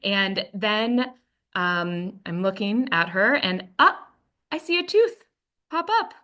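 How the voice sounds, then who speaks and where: A woman's voice: mid-range voice, lively intonation, takes it slowly, sharp tone. A woman presenting a training workshop, telling a personal story in a conversational way and acting out what she said to her baby.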